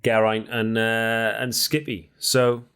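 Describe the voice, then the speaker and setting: A man co-hosting a podcast, chatting casually with animated, teasing banter. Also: fairly low pitch, slow pace, clean tone. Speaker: podcast co-host. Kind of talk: casual chat.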